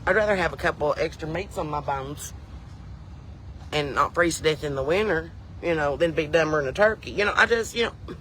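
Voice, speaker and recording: A woman with a thick Southern US drawl tells folksy, rambling comedy stories in casual chat. Her voice sits low and is fairly bright, she talks briskly, and there's slight background noise.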